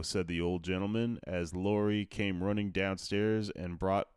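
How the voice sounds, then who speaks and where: A man's voice: low-pitched, fairly even intonation, unhurried, few pauses, a little mellow, clean tone, no echo, clean studio sound. A man reading a classic novel aloud in a casual way, tossing in offhand asides and fixing his own slips. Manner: offhand asides and self-corrections. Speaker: audiobook narrator.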